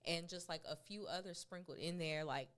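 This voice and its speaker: A woman talking as a guest in a casual interview. She tells stories in an animated, slangy way, with lots of filler words and acted-out quotes. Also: lowish voice, normal speed. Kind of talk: casual chat.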